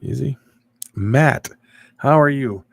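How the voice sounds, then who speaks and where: A man's voice: mid-range voice, takes it slowly, creaky, no echo. A middle-aged man hosting a casual live stream, rambling and chatting with viewers as he reads their comments.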